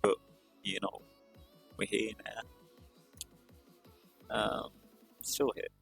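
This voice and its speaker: A man's voice: fairly low pitch, little pitch movement, very slow, vocal fry, fairly bright tone, soft background music. A male streamer chatting casually on a live stream, tired and rambling in a self-deprecating way.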